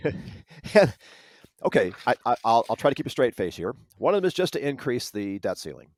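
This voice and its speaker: A man's voice: mid-range voice, big pitch swings, fast talker, no echo. A man co-hosting a political podcast, delivering wry, dry sarcasm. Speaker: podcast co-host. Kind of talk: political commentary chat.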